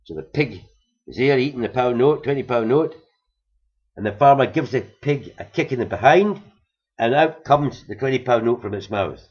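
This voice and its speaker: A man telling long jokes, building them slowly with repeated phrases, on a dull recording. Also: medium pitch, animated, darkish tone. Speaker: comedian. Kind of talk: stand-up joke telling.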